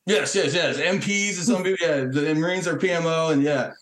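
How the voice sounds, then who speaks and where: Veteran guy as guest, rowdy storyteller, curses a lot, slightly high voice, echoey room. Casting note. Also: fairly quick. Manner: profane and animated, acting out quotes. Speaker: Marine Corps veteran guest. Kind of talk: casual storytelling.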